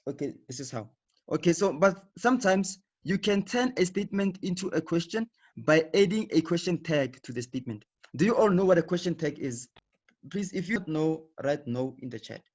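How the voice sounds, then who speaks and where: A man leads an online English lesson, talking in a slightly high voice. He explains slowly and patiently, circling back and tagging his points with "okay". The call audio is muffled and lo-fi. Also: animated, darkish tone. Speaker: teacher. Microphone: video call.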